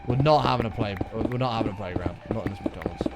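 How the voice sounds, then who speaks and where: A man's voice: lowish voice, fast talker, very noisy. A man chatting casually on a gaming livestream, joking around and answering chat messages aloud. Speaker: streamer.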